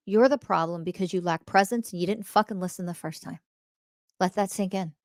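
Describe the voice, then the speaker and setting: A woman's voice: mid-range voice, moderate pace, a bit bright, dry recording, studio quality. A woman podcast host teaching spirituality in a blunt monologue, swearing often and firing rhetorical questions, repeating key phrases for emphasis.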